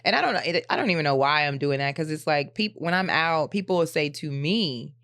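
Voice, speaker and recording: A woman's voice: low-pitched, lively intonation, fairly quick, a bit bright. A young adult woman co-hosting a podcast, chatting casually in slang, swearing freely and laughing as she tells stories. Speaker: podcast co-host. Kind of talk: casual chat.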